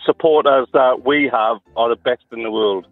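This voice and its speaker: Geordie guy calling in, middle-aged, blunt and loud about it, dry sound. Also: medium pitch, normal speed, vocal fry, no room sound, narrow, tinny audio. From Newcastle, England. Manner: blunt, emphatic. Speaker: caller.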